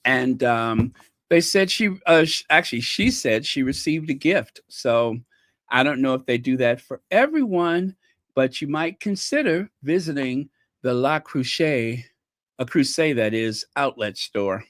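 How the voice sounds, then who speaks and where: A man's voice: medium pitch, lively intonation, measured pace, fairly bright tone, dry recording, clean studio sound. An American man hosting his own channel, talking casually to viewers in a rambling, playful way with lots of fillers. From United States. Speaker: channel host.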